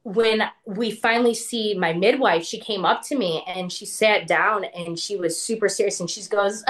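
A woman's voice: mid-range voice, animated, normal speed, few pauses. Woman, interview guest, casual storyteller: conversational, loose, quotes others in their own words. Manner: chatty, full of "like", acts out what others said.

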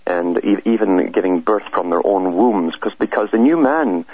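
Deep husky guy on radio, halting explainer, dry muffled sound. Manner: hesitant, repeats words, steady explaining. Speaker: radio guest. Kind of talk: conversational radio interview.

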